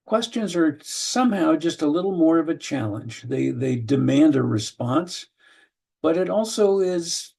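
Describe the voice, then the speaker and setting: An older man teaching an online session in a mellow, gravelly voice. He explains at an unhurried pace, full of small fillers and restarts. The tone stays husky and relaxed throughout. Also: mid-range voice. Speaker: lecturer. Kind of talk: online training lecture.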